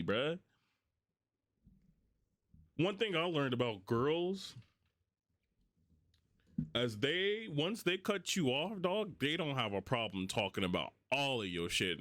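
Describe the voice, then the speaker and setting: Young dude venting, cussing a lot, rambly, dry no-room sound. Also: male voice, on the high side, a bit bright, no room sound. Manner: heated, profane, rambling, addresses a former friend directly. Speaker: vlogger. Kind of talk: casual monologue rant.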